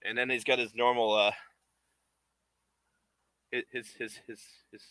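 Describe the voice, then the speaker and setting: While building a puppet on a live stream, a man rambles, chuckles and chats playfully with viewers. His mid-range voice is pushed, bright and smooth, with a level tone and an unhurried delivery, recorded without echo.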